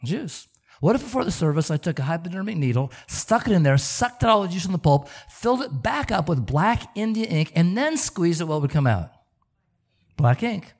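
Delivering a sermon at normal speed, this middle-aged pastor has a high-pitched voice and an animated style. He stammers through repeated words and keeps posing rhetorical questions to his listeners.

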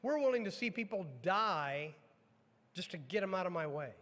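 A pastor preaching a sermon to his congregation, emphatic, questioning the room and dropping low and slow on weighty lines. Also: lively intonation, a bit bright, big-room sound. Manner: addresses congregation directly with repeated questions. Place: church sanctuary.

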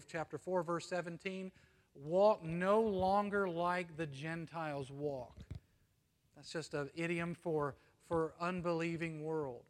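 American pastor preaching in a reverberant hall. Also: male voice, fairly high pitch. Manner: earnest, swings between emphatic and hushed, frequent "you see?". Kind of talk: sermon.

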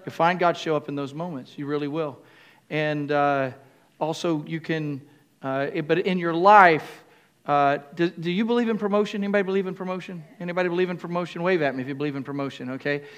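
A man's voice: on the high side, smooth. An older male pastor preaching a sermon, calling on the congregation to answer back and often stopping to restart his phrases. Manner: call-and-response with the congregation; halting, with restarts and fillers.

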